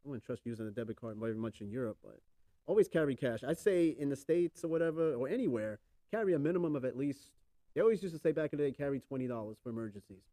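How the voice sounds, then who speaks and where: A man's voice: a little high, animated, fast, warm tone, no echo. A man hosting a podcast, chatting casually and swearing freely, rambling with lots of fillers. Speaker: podcast host. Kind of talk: casual chat.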